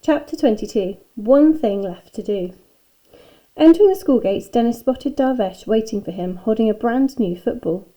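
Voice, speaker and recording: A woman reading a children's book aloud with expressive storytelling. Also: fairly high pitch, normal speed, poor audio. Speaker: school staff reader.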